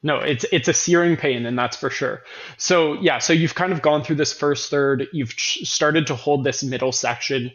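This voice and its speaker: A man's voice: a little high, moderate pace, fairly bright tone, highs cut off. A man hosting a casual running talk, earnest and emphatic, often repeating words and correcting himself mid-sentence. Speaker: running coach host.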